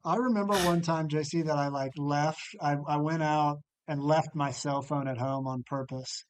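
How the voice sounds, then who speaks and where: A man guesting on a podcast, recalling college days with an old friend in a halting, restarting way. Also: a little high, fairly even intonation, slight background noise. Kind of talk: casual storytelling chat.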